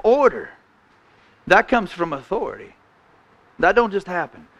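A man preaching a sermon in a church, folksy, restarting phrases and often clearing his throat. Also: high voice, very animated, a little slow, fairly bright tone, dull audio.

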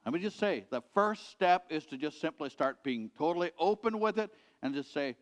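A middle-aged male pastor preaching in a large hall, his slightly high voice carried by long reverb. He talks earnestly, repeating each point and dropping low and soft at the end of a thought. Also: lively intonation, normal speed. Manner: earnest, repetitive exhortation, dropping quiet at ends of points. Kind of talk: sermon.

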